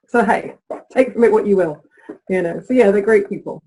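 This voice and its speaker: A woman guest on an interview show, a relationship coach with a husky, breathy voice. She talks in an animated way and laughs easily while telling stories. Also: mid-range voice, brisk, rough recording. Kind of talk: interview conversation.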